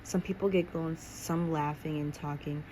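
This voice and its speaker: Young woman, deep-ish voice, casual amateur storyteller, slight slips. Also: steady tone, moderate pace, mellow, a little hiss or hum, low-quality recording. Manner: casual second-person storytelling with slips and restarts. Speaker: amateur reader. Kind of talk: reading fan fiction aloud with voices.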